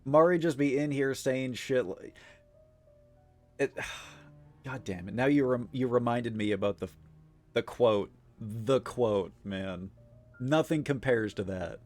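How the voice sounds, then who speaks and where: A man's voice: mid-range voice, slow, a little mellow, faint music behind. A man streaming live, chatting casually with viewers in a rambling way, full of fillers, frequent swearing and easy laughs. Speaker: livestreamer.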